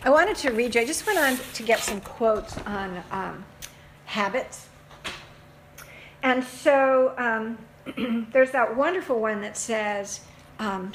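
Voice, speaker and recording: A woman giving casual, folksy advice to a caller, animated and emphatic, often laughing as she talks. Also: a little high, takes it slowly, a little hiss or hum. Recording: echoey room with faint ambience.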